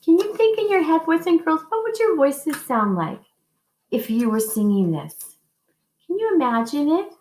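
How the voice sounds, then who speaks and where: A woman's voice: very animated, a little mellow. A woman music teacher telling a story to young children and leading simple call-and-response singing, encouraging and sing-song. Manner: slow, sing-song and encouraging, modeling high and low notes for kids. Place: school music room. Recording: echoey classroom.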